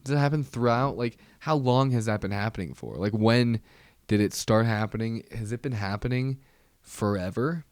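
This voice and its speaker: A man's voice: medium pitch, moderate pace, dry recording, clean studio sound. A man hosting a casual solo podcast, rambling, with many restarts and trailing fillers. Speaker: podcast host.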